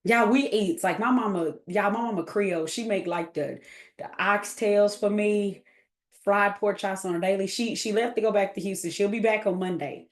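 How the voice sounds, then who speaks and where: A woman's voice: mid-range voice, normal speed, reverberant. A woman, chatting casually as a coach, goofy and full of laughter. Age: 30s. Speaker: host and coach. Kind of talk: casual livestream chat.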